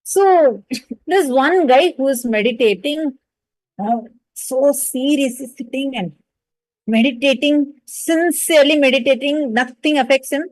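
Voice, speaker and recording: Brief: woman teacher, lively devotional storytelling, fairly high voice, dry close sound. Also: measured pace, no echo, rough recording. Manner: animated, hesitant fillers, addresses listeners directly. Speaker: spiritual teacher.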